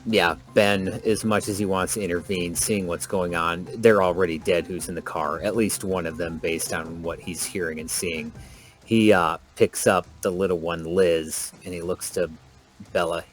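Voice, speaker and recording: A man playing a tabletop game, describing his character's actions in a casual, measured way. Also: low-pitched, steady tone. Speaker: player.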